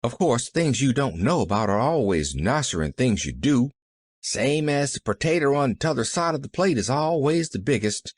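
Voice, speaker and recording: A man's voice: mid-range voice, sing-song, normal speed, no room sound, studio quality. A man voicing a poor, proud country boy speaking in folksy dialect. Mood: wistful.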